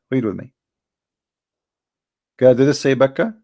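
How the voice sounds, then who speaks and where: Gravelly man firing rhetorical questions. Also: mid-range voice, brisk, long pauses, darkish tone. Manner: combative, rhetorical questioning, mocking. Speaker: Christian apologetics presenter. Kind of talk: argumentative religious talk.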